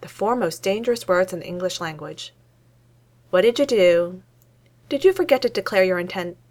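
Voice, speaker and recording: A woman's voice: fairly low pitch, lively intonation, normal speed, darkish tone, natural voice. A woman reading as a smug teasing rich man.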